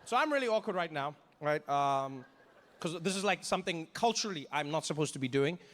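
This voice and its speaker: Animated South African comedian. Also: male voice, on the high side, brisk, big-room sound, slight background noise. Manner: animated storytelling, acting out voices. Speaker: stand-up comedian. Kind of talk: stand-up comedy.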